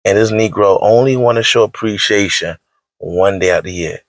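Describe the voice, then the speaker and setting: A man's voice: fairly low pitch, moderate pace, no room sound. Emphatic, scolding man in a dry room. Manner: emphatic and repetitive, scolding, slangy. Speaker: online commentator. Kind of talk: preachy rant to camera.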